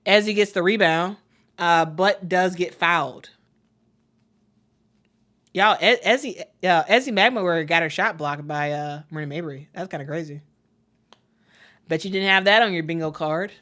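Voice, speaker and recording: A woman calling a live basketball game for her stream, chatty and excitable, talking straight to her viewers. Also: fairly low pitch, moderate pace, pauses often. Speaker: play-by-play commentator. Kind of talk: casual live play-by-play stream.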